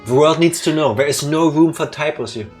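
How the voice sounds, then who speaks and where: A man's voice: fairly high pitch, fairly quick, a little mellow, faint music behind. A man co-hosting a game let's play, chatting casually with playful, teasing jokes and wordplay. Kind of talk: casual joking commentary.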